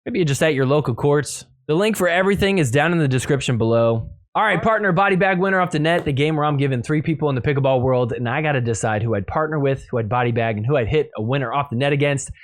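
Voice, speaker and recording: A man hosting a sports podcast, recapping games in a casual, excitable way and laughing at the calls. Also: mid-range voice, quick pace. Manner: excitable, laughing, mock-quoting players. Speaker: podcast host.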